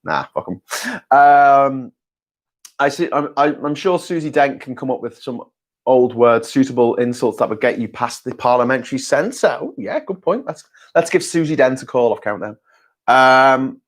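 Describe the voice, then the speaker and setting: A man's voice: medium pitch, lively intonation, normal speed. A man hosting a casual live-stream chat, ranting, rambling, and swearing freely. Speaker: host.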